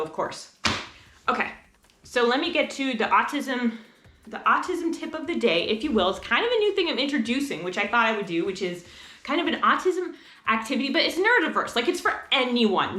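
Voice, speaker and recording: A woman's voice: mid-range voice, reverberant, a little hiss or hum. A woman vlogger talking casually to camera in a chatty, rambling way about homeschooling. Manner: chatty, rambling, animated asides.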